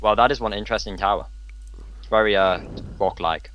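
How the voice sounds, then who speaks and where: A man's voice: on the low side, brisk, no room sound, highs cut off. A man playing a game with friends, talking in a hesitant, mumbling way full of fillers. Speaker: player. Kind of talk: casual gaming chat.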